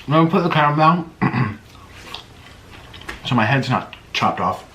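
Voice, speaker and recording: A man's voice: medium pitch, a little slow. A man hosting a mukbang, telling a rambling story casually while eating. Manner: chatty, rambling, animated. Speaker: mukbang host. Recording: roomy echo, faint background hiss.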